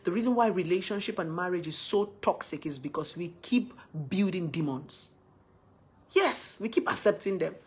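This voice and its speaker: A woman talking casually to camera about relationships, emphatic, swinging between loud exclamations and softer asides. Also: fairly low pitch, expressive, moderate pace, breathy edge. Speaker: relationship advice vlogger.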